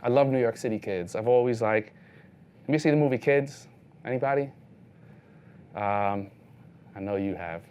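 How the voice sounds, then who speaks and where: A man's voice: mid-range voice, normal speed, long pauses, darkish tone, slight background noise. A man in his thirties, a street photographer, giving a casual talk full of anecdotes, leaning on "like" as he retells his encounters. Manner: loose storytelling, heavy use of "like", acts out other people's lines.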